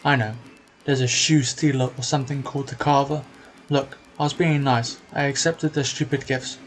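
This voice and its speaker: A man's voice: mid-range voice, fairly even intonation, normal speed, faint music behind, natural voice. A man voicing a young female game heroine, blunt and sarcastic, speaking in his everyday voice.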